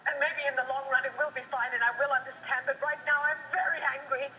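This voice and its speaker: A distraught daughter in heaven. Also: female voice, high-pitched, steady tone, quick pace, sharp tone, slight background noise. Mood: upset. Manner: pleading, emotional. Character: distraught grown daughter newly arrived in heaven. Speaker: soap opera actress. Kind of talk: 1980s daytime soap acting. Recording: dull TV broadcast with music.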